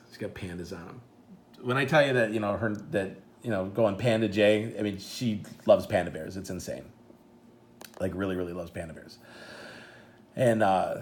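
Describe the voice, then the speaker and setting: A man's voice: on the low side, darkish tone. A middle-aged man with a Midwestern American accent, chatting as a vlog host, rambling and stumbling with emotion. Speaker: channel host and proud dad. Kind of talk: casual chat showing photos.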